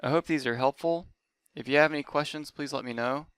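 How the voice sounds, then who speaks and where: A man's voice: on the high side, fairly quick, fairly bright tone, clear, resonant tone, no echo. A man teaching a math lesson, talking methodically through each step aloud. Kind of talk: lecture.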